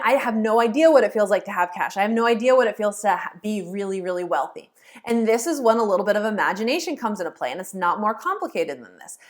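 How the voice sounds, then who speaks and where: A woman teaching her viewers directly, upbeat, acting out imagined inner voices as she explains. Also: mid-range voice. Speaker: law of attraction teacher. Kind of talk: teaching to camera, casual.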